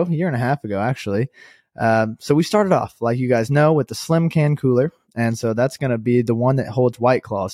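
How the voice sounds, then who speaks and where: A man's voice: mid-range voice, no room sound, clean studio sound. Chatty young man hosting a podcast. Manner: chatty, animated, many fillers and self-corrections. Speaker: podcast host and company co-founder. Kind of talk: casual storytelling monologue.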